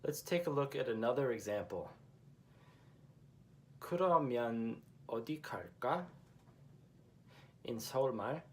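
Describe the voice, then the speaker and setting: A man's voice: mid-range voice, expressive, normal speed, pauses often, slight background noise. A man teaching a language lesson who explains patiently and repeats each example phrase twice.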